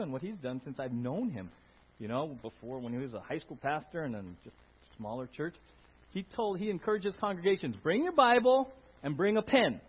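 A man preaches to his congregation, his husky voice swinging up and down as he rises into loud, emphatic bursts. He keeps asking the room questions and waiting for them to agree. The recording is dull and lo-fi. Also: fairly high pitch. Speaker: pastor. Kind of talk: sermon. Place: church. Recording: dull lo-fi sound.

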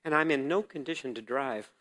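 Speaking briskly in a mid-range voice, a man gives a sermon testimony during a church service. He acts out the conversations in his story, alternating between hushed reflection and forceful, loud bursts.

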